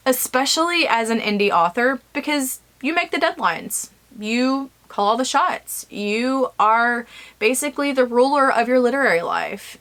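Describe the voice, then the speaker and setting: A woman's voice: fairly high pitch, fairly bright tone. Woman author talking straight to camera. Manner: frank, rambling, many fillers like "like". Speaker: self-published author. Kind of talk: candid vlog talk to camera. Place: home office, alone.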